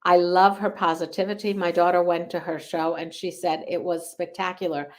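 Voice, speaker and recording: A middle-aged woman from Hungary speaks as an interview guest. Her voice sits low, and she chats freely and laughs easily. Her answers come short and quick. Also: little pitch movement. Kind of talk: casual interview chat.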